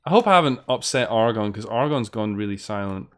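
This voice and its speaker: Brisk and lively in intonation, the voice is a lowish, fairly bright one belonging to a man from Britain. He plays a game on stream, cursing freely and sarcastically bantering with chat as he offers casual gameplay commentary.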